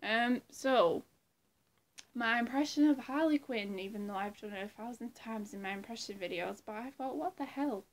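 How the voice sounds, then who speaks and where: A woman's voice: on the high side, moderate pace. A woman chatting casually in a vlog, rambling and self-deprecating, often repeating herself. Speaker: impressionist vlogger.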